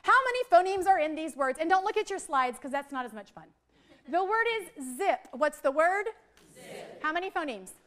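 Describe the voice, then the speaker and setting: A middle-aged woman, leading a lively, chatty teacher training workshop for a group in a training room. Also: high-pitched, normal speed. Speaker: literacy trainer.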